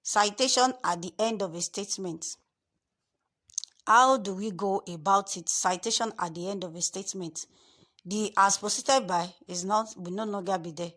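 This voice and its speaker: A woman tutor giving a screen-share lesson, repeating herself and stressing key words slowly. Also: mid-range voice, a bit bright.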